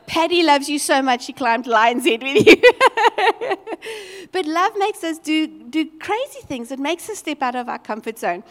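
A woman preaching a sermon as a lively, expressive storyteller. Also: high voice, slow pace, in a large hall.

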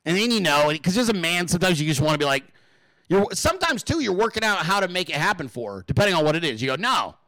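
A man hosts a live stream and rants freely to his chat, swearing in nearly every line. His voice sits high and bright with a forceful edge. He swings his pitch widely and jumps into shrill put-on voices when he quotes people. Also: very animated, quick pace, no echo, studio quality. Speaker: livestream host. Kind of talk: profane unscripted rant to a live chat.

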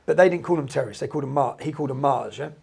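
A man with an English accent, telling stories fast in a casual podcast chat and checking in with "yeah?". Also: mid-range voice, vocal fry, darkish tone, husky. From England. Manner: rapid, repeats "yeah?" to check in. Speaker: podcast guest. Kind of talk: animated storytelling in casual talk.

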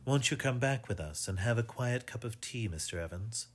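A man voicing a calm, proud middle-aged wife who talks quietly and scolds lightly, reading from a storybook. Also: medium pitch, moderate pace, slightly rough. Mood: composed.

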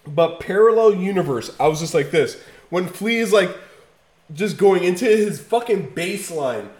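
A man in casual podcast chat, talking emphatically and with a lot of swearing, swinging from loud bursts to low, quiet stretches. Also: expressive, moderate pace, reverberant. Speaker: podcast co-host. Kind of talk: casual chat reviewing an album.

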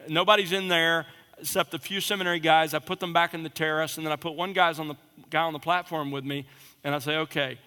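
A man's voice: on the high side, fairly even intonation, quick pace, clean tone. A man teaching preachers about sermon delivery in an emphatic lecture style, stressing and repeating his key points. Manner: emphatic, repeats key points, drops to a quiet conversational voice to demonstrate. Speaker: preaching instructor. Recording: long reverb in a large hall.

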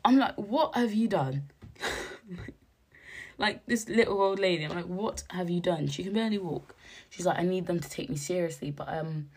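A young woman with a hoarse, husky voice, chatting casually as she recounts a night out in an animated, slangy way. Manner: animated, slangy, jumps to high exclaims when quoting. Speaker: podcast host.

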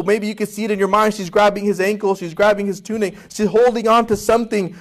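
A man's voice: sits high, flat delivery, fast talker, few pauses. A male pastor preaching a sermon with passion, acting out voices in quotes and asking his congregation questions.

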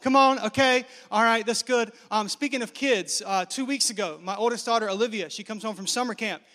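Fast-talking high-voiced pastor in hall. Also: male voice. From Nigeria. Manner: lively, joking, engages the crowd. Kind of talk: sermon. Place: large hall with live congregation. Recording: reverberant church hall.

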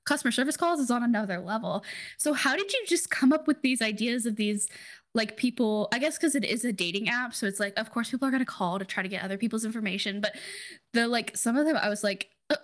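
A woman host talks in an enthusiastic, chatty way and fills her sentences with "like". Her voice sits fairly high. She carries an easy podcast conversation. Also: fast.

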